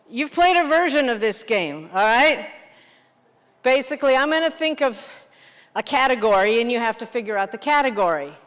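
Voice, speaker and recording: A woman teacher talks a roomful of people through a language game, quick and animated, often checking whether they follow. Her voice sits a little high. The hall gives it a long reverb tail. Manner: lively, animated teacher, quick questions to the room. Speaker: English teacher. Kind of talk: teacher workshop demonstration.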